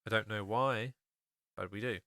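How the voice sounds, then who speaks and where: Guy hosting his podcast, bright clear voice, lots of ums, dry close sound. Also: lowish voice, steady tone, normal speed, no echo. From England. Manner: rambling, many fillers and restarts. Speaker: podcast host. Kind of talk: casual solo podcast talk.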